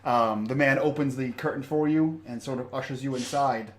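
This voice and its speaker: A man narrating as game master of a tabletop game, halting with many fillers. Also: medium pitch. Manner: halting, with many ums and uhs.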